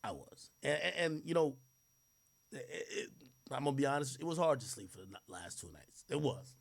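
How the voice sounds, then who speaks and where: Gravelly man talking slangy and heartfelt. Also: mid-range voice, big pitch swings, normal speed. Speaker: guest in a played clip. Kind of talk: emotional casual talk.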